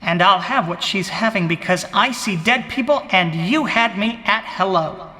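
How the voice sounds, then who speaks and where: Comic bit: man impersonating a pompous president at the podium, high, bright and forceful, grand declaiming cadence, long hall reverb. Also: normal speed. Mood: grandiose. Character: pompous blustering male president giving an inaugural speech. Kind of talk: comic impression, mock political speech.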